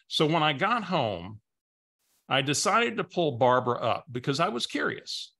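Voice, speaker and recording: Bright-voiced male business coach. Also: fairly high pitch, sing-song, normal speed, vocal fry. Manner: repeats words, conversational storyteller. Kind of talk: webinar storytelling presentation.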